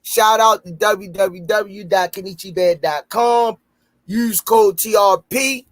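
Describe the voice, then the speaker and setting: A man with a Baltimore accent hosting a casual podcast and reading sponsor shout-outs, loud and playful, breaking into high shouts when he jokes. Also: slow, no echo. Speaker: podcast host.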